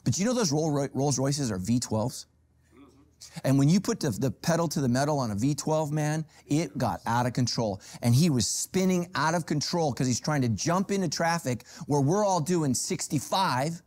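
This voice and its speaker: Lively, animated male pastor preaching. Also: normal speed. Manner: animated storytelling with humor and sudden pitch jumps. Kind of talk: sermon. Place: church stage with a golf cart prop.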